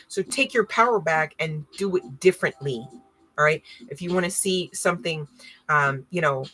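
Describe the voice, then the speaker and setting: A woman's voice: deep voice, a bit bright, husky. A woman giving a casual tarot reading to an online audience, talking emphatically and asking many rhetorical questions. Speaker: tarot card reader.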